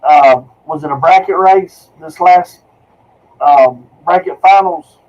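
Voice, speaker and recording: Guy hosting a chat show, high voice, meanders through questions, kinda dull sound. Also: slow pace, a little mellow. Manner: rambling questions full of fillers. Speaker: show host. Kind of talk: casual interview chat.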